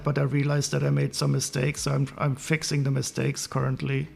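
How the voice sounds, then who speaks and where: A man with a German accent, chatting casually on a live stream while building Lego, halting and apologetic with many restarts. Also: medium pitch, completely flat delivery, vocal fry, soft background music.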